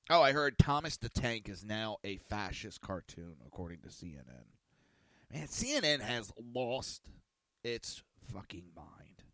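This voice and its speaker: A male podcast host who rambles through a casual rant, cursing freely and sounding exasperated. His voice sits fairly low. The recording is dry and close, with no room echo. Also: big pitch swings, normal speed, pushed and bright. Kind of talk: casual ranting talk show.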